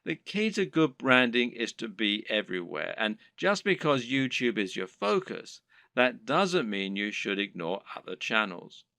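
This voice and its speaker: A man narrating scripted advice on running an online business, in a lively explanatory delivery. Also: medium pitch, measured pace, no room sound.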